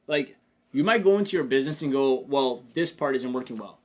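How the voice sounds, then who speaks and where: A man hosting a business coaching podcast in casual talk. He is energetic, addresses listeners directly with asides like "check this out", and acts out his own inner dialogue. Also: medium pitch, brisk.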